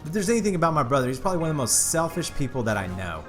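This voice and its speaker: A man's voice: a little high, sing-song, racing, music in the background. A man hosting his own channel, candidly telling a personal story to his viewers in a casual, earnest way. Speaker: YouTube channel host.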